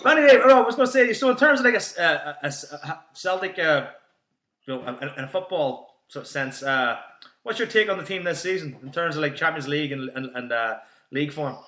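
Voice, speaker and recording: A man's voice: a little high, lively intonation, a little fast, a bit bright, reverberant. A man hosting a podcast in casual chat, eager and laughing easily, swearing now and then. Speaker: podcast host.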